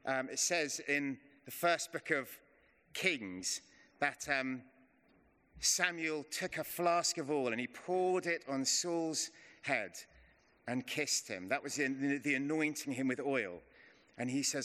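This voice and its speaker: A man, middle-aged, giving an informal, chatty and self-deprecating sermon as a preacher. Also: mid-range voice. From England. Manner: chatty and self-deprecating, slows to a hush in prayer. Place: church hall. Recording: long reverb of a church hall.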